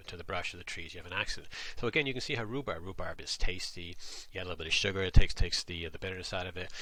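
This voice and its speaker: A man's voice: sits low, no room sound. A man from Atlantic Canada delivering a tongue-in-cheek satirical monologue, rambling and musing as he goes. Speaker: vlogger.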